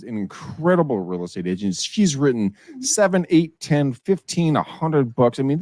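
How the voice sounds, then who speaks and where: A man's voice: medium pitch, no echo, clean studio sound. Hyped-up male show host. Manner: hyping and effusive, with upbeat hollers. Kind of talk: enthusiastic show host intro.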